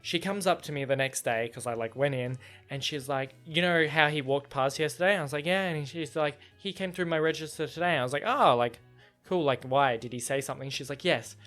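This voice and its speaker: A young man hosts a casual solo podcast and tells a story with lots of swearing. His voice sits a bit high for a man, and he swings from loud, heated bursts to low, muttered asides. Faint music plays quietly under his voice. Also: fairly quick. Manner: animated, profane, swings between loud outbursts and muttered asides. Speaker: podcast host.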